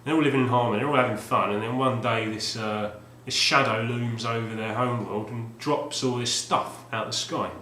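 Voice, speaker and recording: A man chats casually on video, trailing off and restarting his sentences as he goes. His voice sits at a middling pitch. A roomy echo surrounds him, with a faint hum behind. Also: fairly even intonation, fairly quick, few pauses, sharp tone. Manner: rambling, with many fillers and restarts. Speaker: retro game collector vlogger.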